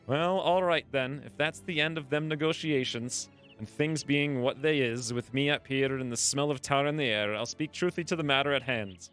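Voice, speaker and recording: A man's voice: mid-range voice, normal speed, hardly any pauses, fairly bright tone, soft background music, close to an everyday voice. A man voicing a shackled village man, speaking in a weary, matter-of-fact drawl while reading a game event aloud. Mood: resigned. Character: shackled village man accused of melon theft, resigned. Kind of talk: let's play character reading.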